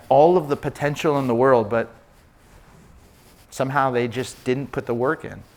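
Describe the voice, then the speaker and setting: Guy preaching, kinda high-ish voice, tells funny stories and does the voices. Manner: animated storyteller, acts out quoted voices. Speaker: pastor. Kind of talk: preaching to pastors with personal stories.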